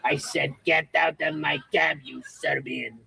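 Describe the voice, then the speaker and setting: Gravelly bigoted cab driver. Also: male voice, a little high, steady tone. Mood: angry. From Europe. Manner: ranting, threatening, slow. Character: bigoted, hot-tempered older male taxi driver. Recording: distant voice over loud traffic.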